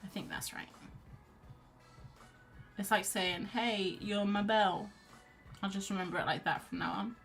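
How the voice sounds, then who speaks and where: Her voice is mid-range and gravelly, with fairly even intonation, a measured pace, and frequent pauses. The woman is an art streamer painting at home, wrapped in a blanket on the sofa, chatting casually, reading out chat messages and rambling as she cheers herself on. Quiet music plays in the background.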